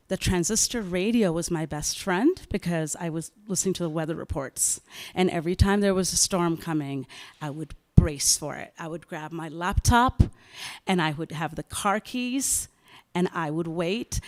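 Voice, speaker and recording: A woman's voice: on the low side, normal speed. Woman novelist telling a dramatic story. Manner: animated, dramatic storytelling with acted dialogue and laughs. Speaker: novelist speaking at a writers' event. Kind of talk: live storytelling talk.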